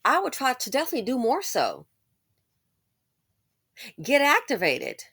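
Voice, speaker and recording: Commentary host: preachy woman, slightly high voice, dry close sound. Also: wildly swooping pitch, a little slow, pushed and bright, breathy edge, dry recording. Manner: preachy, emphatic, repeats phrases. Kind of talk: casual commentary monologue.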